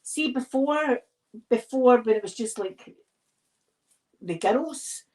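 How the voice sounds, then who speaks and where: A woman's voice: on the high side, expressive, takes it slowly, a little mellow. A Scottish woman talks in an easy, meandering way, drifting from one story to the next. Her tone is casual, as though she is chatting while busy with her hands. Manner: rambling, digressive storytelling. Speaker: ASMR video creator. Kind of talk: casual chat while decorating a tree.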